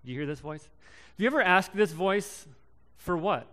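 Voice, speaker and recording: Young man, sermon, halting with fillers, smooth resonant voice. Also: sits high, expressive, bright, forceful tone. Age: young adult. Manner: casual, halting delivery with many ums and restarts. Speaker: preacher.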